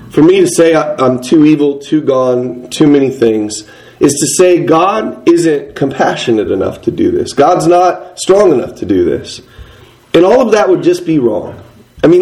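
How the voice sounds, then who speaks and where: A man's voice: medium pitch, a little mellow, rough recording. A middle-aged man preaching an earnest, conversational sermon, reading and explaining Bible verses.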